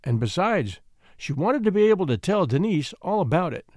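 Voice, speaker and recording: Expressive man reading a storybook. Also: high voice, normal speed, no echo, clean studio sound.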